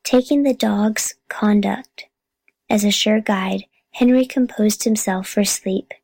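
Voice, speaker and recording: A woman narrating a children's chapter book in a calm, steady reading voice. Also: medium pitch, takes it slowly, vocal fry, no room sound, poor audio. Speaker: audiobook reader. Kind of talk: storybook narration.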